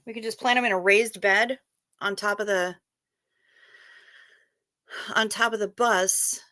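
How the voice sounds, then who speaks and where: A woman with a bright, crisp voice hosts a relaxed livestream and chats with her viewers. She talks in a playful, rambling way, reads their messages aloud and swears now and then. The sound is close and dry, with no room echo. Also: medium pitch, a little slow. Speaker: livestream host. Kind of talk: casual livestream chat with viewers.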